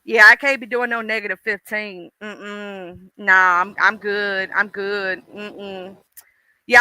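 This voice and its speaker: Mississippi guy, deep south drawl, real high voice, super bright and crisp, just rambling to his chat. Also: steady tone, slow, no room sound. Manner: rambling, folksy, talks straight to chat by name. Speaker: livestream host. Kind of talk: casual livestream chat with viewers.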